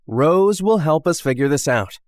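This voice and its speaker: A woman voicing a gentle young man who soothes and pleads in an animated story. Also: deep voice, normal speed, dry recording, studio quality. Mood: soothing. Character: gentle young man trying to calm others.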